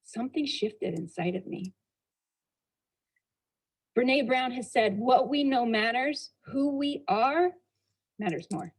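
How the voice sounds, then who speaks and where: A woman giving a motivational talk, telling a personal story with a lively, expressive delivery. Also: on the high side, slow, pauses often, breathy edge, low-quality recording. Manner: expressive storyteller, shifting pace and loudness, laughing at herself. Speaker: motivational speaker.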